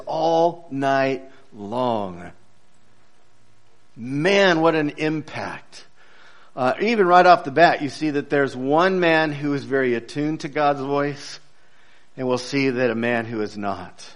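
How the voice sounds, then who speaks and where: A man's voice: medium pitch, slow pace. A man preaching a sermon as pastor, in a conversational, joking storytelling way with frequent hesitant fillers. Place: church.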